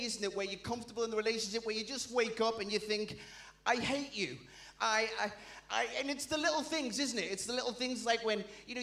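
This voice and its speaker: A man's voice: extremely high pitch, bright, forceful tone, roomy sound. A man with a Geordie accent doing a stand-up comedy set, chatty and self-deprecating, bantering with the crowd. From Newcastle, England. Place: live comedy venue.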